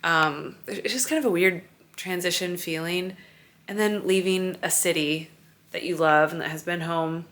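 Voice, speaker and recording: A woman's voice: lowish voice, moderate pace, a bit bright. A woman in her thirties, a vlogger and mother, talking in a tired, emotional, rambling way at home in her apartment during a move. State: weary and overwhelmed. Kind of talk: confessional vlog chat.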